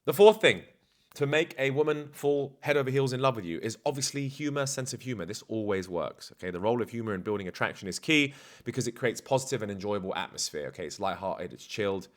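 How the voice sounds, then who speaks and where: A man's voice: medium pitch, lively intonation, fast. A man talking as a dating coach in a casual vlog, blunt, slangy and self-assured.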